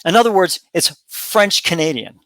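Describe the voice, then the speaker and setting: A middle-aged man holds forth on his commentary channel in a bright, slightly high voice. He rambles, repeats phrases and stops to restart, filling gaps with "um" and "you know." The sound is close and dry, with no room around it. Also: animated, normal speed, no echo. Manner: rambling, repetitive, with many fillers and restarts. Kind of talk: opinion monologue.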